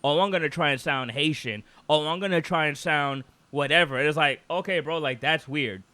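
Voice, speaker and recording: Bright-voiced man rambling on a podcast. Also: a little high, moderate pace, clean tone, dry recording. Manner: animated, rambling, full of "like"s and restarts. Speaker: podcast co-host. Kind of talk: casual podcast chat.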